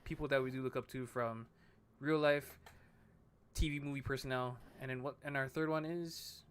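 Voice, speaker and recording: A man hosting a casual podcast chat on a headset mic, halting and repeating words as he talks. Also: mid-range voice, fairly even intonation, clear, resonant tone. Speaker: podcast host.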